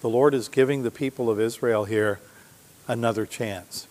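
A man's voice: mid-range voice, normal speed, darkish tone. Male preacher, mid-range voice, teaches verse by verse and quizzes the congregation; long hall reverb. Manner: teaching Bible verses, reading scripture aloud with emphasis; asks the congregation questions. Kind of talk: sermon. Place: church sanctuary.

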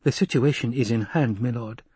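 A man's voice: mid-range voice, normal speed, a little mellow, slightly rough, no room sound, close to an everyday voice. A man voicing a silky, scheming male advisor who hesitates and defers to his lord. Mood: deferential.

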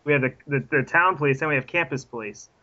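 A man's voice: mid-range voice, fast talker, sharp tone, dull audio. A man co-hosting a podcast in casual chat over an internet call, laughing easily and good-humored. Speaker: podcast co-host.

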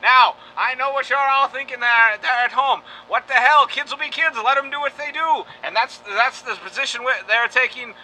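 A very high, sharp male voice hosts a comedy podcast, crude and joking, often in a mock newscaster delivery. Faint noise sits under the recording. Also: normal speed, few pauses. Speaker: podcast host. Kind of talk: casual comedic banter.

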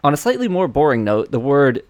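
A man's voice: medium pitch, sing-song, a little fast. A man co-hosting a podcast in casual chat, reading listener emails aloud and rambling with fillers and restarts. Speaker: podcast co-host.

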